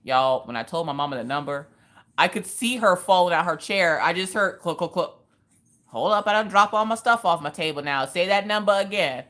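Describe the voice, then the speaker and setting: A young woman with a low voice tells a story to her livestream viewers in a loose, chatty way. She acts out each person's lines and drops in Southern slang. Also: animated, moderate pace, fairly bright tone. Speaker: craft livestream host.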